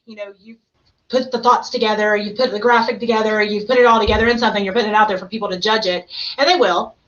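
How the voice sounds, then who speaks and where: A woman hosting a podcast in casual chat, talkative and animated, often slipping into playful quoted voices. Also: medium pitch, fast, highs cut off. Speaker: podcast host.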